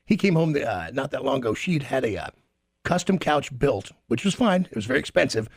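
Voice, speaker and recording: A man's voice: medium pitch, sing-song, a little fast, husky, no echo. A male radio host trading crude jokes and stories in loose, profane banter on a studio mic. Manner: loose, profane, jokey storyteller.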